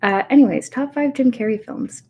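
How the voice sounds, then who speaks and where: A woman in her thirties, chatting soft-spoken and a little nervous on a livestream, rambling with many fillers and asides. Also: on the high side, moderate pace, slightly rough. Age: 30s. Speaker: ASMR host. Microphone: webcam setup.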